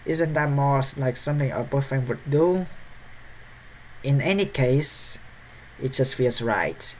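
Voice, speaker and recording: A man's voice: medium pitch, slow pace, slight background noise. A male streamer reading a visual novel's text aloud during a live let's play, breaking into startled yelps and nervous laughs. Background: faint game music.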